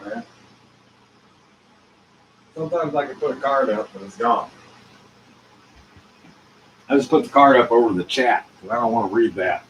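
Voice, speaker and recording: A man's voice: mid-range voice, slight background noise, low-quality recording. Rambling man muttering and rhyming. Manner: free-associating, rhyming wordplay, swings between muttering and loud outbursts. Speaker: show host. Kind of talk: rambling solo monologue.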